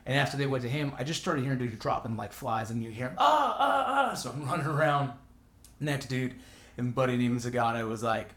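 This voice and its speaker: Profane, animated man hosting a podcast. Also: medium pitch, fast. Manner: animated, profane, acts out voices in his stories. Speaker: podcast host. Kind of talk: casual chat.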